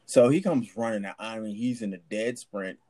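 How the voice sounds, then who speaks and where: A man's voice: fairly low pitch, normal speed, warm tone. A man, a former army sergeant, telling a barracks story in a rambling, profane way full of restarts. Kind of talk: casual storytelling chat.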